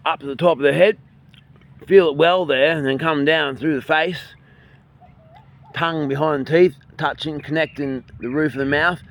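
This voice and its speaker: An Australian man leading a qigong and breathing lesson outdoors by a bay, filming on a handheld phone, calm and soft-spoken, his voice sometimes trailing off quietly. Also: a little high, normal speed. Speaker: qigong and meditation instructor. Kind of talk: guided breathing instruction. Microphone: handheld phone, filming himself.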